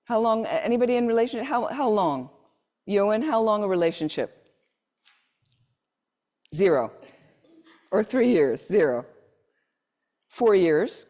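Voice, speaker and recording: A woman's voice: medium pitch, very animated, unhurried, long pauses, a little mellow. A woman giving a Buddhist teaching to a live group, telling stories and acting out the people in them, and asking her listeners questions. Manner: storytelling, acts out the people in her anecdotes; asks the audience questions directly. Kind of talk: dharma talk to a live group. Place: meditation centre hall.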